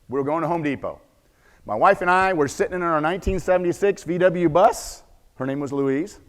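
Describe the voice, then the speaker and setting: A man giving a conference talk, telling a dramatic story and shifting between loud bursts and hushed asides. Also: mid-range voice. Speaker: conference speaker. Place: conference stage. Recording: echoey conference hall.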